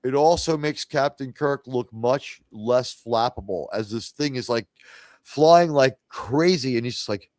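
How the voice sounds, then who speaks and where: A man's voice: medium pitch, a little slow, a little mellow, no room sound. A man hosting a casual livestream chat, rambling with lots of fillers and restarts. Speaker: podcast host.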